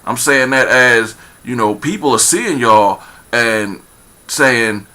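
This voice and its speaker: A man's voice: medium pitch, takes it slowly, pushed and bright. A man giving a rambling casual commentary, full of fillers and repeated phrases, turning emphatic as he goes. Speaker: vlogger.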